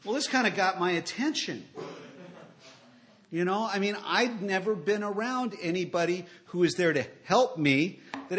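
A middle-aged man with a somewhat high-pitched voice tells his personal story to a listening crowd. He talks in a wry, self-mocking way, and his loudness swings widely from sentence to sentence. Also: expressive, normal speed, slight background noise. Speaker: speaker sharing his recovery story. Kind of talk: personal storytelling talk to an audience.

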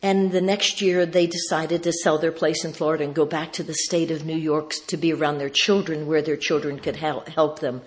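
A woman's voice: low voice, fairly even intonation, a little fast, hardly any pauses. A woman speaking at a recovery meeting, telling a personal story in a folksy, wry way and acting out the dialogue she recalls.

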